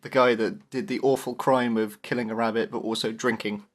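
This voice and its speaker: A man's voice: mid-range voice, flat delivery, a little fast. A man co-hosting a casual podcast, retelling a film script's plot in a chatty way and laughing often. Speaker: podcast co-host. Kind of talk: casual review chat.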